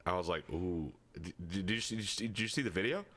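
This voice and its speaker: A man's voice: fairly low pitch, expressive, racing, a crowd in the background. A congested man co-hosting a casual gaming podcast, laid back and swearing casually. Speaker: podcast co-host.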